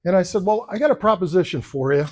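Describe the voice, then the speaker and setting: A man's voice: high-pitched, lively intonation, fast. A man running for office, giving a campaign speech at a luncheon and telling personal stories, acting out the other people's lines as he quotes them. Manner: storytelling, acting out quoted voices. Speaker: political candidate. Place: luncheon event room.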